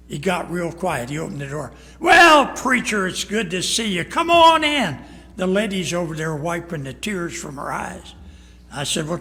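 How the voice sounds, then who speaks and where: High-voiced older preacher in a reverberant hall. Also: male voice, a bit bright. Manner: folksy, plain-spoken, acts out dialogue in stories. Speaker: pastor. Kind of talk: storytelling sermon. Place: church sanctuary.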